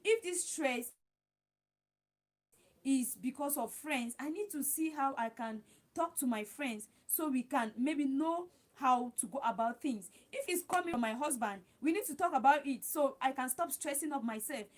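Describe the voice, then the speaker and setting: A woman with a high voice hosts a live stream and gives casual advice. She talks in a chatty, repetitive way and calls her viewers guys. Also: animated, moderate pace. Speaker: livestream host.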